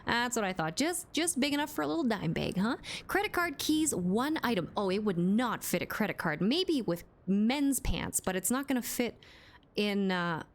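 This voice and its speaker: A woman livestreaming a game from a room at home, chatting playfully and answering her chat as she plays. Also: mid-range voice. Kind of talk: casual live-stream chat while gaming. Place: home room with door closed. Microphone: streaming mic with compressor.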